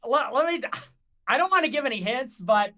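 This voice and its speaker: A man on a livestream, telling animated stories and acting out the conversations he had. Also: extremely high pitch, fairly quick. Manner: animated storyteller, acts out conversations. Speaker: guest on a livestream. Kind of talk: casual livestream chat.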